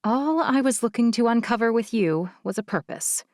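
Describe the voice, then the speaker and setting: A woman narrating an audiobook, voicing a kind, frank older female social worker who speaks gently and candidly. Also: a little high, expressive, moderate pace, dry recording, studio quality, close to an everyday voice. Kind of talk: audiobook character voice.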